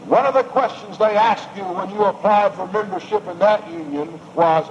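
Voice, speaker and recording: A man's voice: high voice, moderate pace, hardly any pauses. A man preaching a sermon with emphatic, rising and falling delivery and repeated phrases. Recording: dull lo-fi recording with faint noise.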